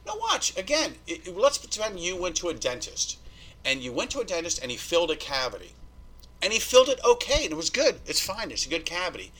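Animated, swearing male podcast guest. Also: high-pitched, fairly quick. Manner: animated, swearing, acts out quoted dialogue. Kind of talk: storytelling interview.

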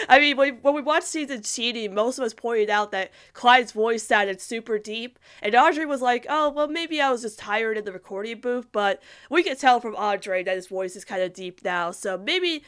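A woman's voice: on the high side, animated, normal speed, fairly bright tone, clear, resonant tone. A young woman chatting casually as a host, rambling with lots of fillers and restarts while reading viewer comments. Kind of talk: casual fan chat.

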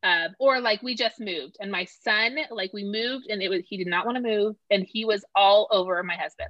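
A woman's voice: medium pitch, brisk, hardly any pauses, dry recording. A middle-aged woman in casual conversation, talking animatedly and acting out quoted voices. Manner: animated, acts out voices when quoting. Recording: dull lo-fi sound.

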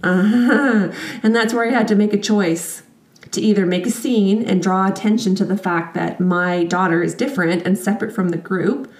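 A woman's voice: medium pitch, echoey room. A woman hosting a podcast, telling a personal story as a mother in a candid, self-deprecating, chatty way.

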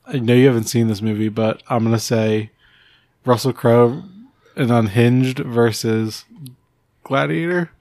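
A man's voice: mid-range voice, steady tone, a little slow, a little mellow, dry recording. Playful, argumentative man, dry close sound. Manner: playful, argumentative, swears casually. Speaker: podcast co-host. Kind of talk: casual chat.

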